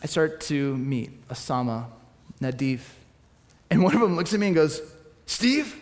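A man preaching a sermon, telling stories in a lively, animated way, swinging between soft asides and excited bursts. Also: a little high, normal speed, in a large hall, slight background noise. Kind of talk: sermon with personal storytelling.

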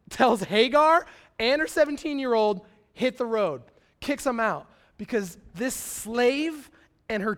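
A young man preaching a sermon in a casual, animated storytelling way, full of slang and acted-out quotes. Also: high-pitched. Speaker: pastor.

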